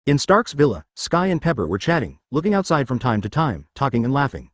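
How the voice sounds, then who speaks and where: A man narrating a story in scripted audiobook style. His pitch moves in a lively way while the reading stays matter-of-fact. The sound is dry and close to the mic. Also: brisk, hardly any pauses, dry recording.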